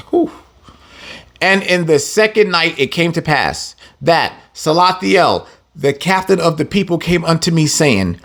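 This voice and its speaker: A man's voice: fairly high pitch, a little slow. A man teaching an informal scripture lesson, reading verses and retelling them in slang, laughing often. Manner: animated, slangy, laughs often, reads verses then paraphrases. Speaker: Bible teacher.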